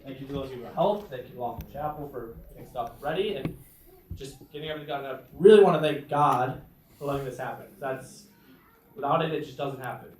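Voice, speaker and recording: A man's voice: mid-range voice, fast, darkish tone. A man, the groom, giving a sincere, rambling thank-you speech with fillers. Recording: echoey room from far off, light noise.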